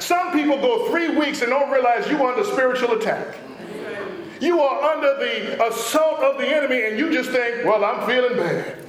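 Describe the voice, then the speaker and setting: A man a call-and-response sermon, drawling asides and sudden shouts. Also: very high-pitched. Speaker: pastor. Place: church sanctuary. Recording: very echoey church hall.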